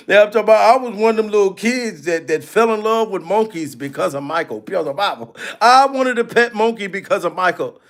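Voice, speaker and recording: Male livestream host with a high voice. Loose and profane, laughs a lot, thanks donors. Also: expressive, a little fast, a bit bright. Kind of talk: casual livestream chat.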